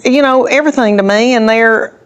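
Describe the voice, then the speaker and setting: A woman's voice: a little high, fairly quick, clear, resonant tone, faint music behind. Chatty woman comedian. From Tennessee, USA. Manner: chatty, rambling, with many restarts. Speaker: stand-up comedian. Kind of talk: interview storytelling.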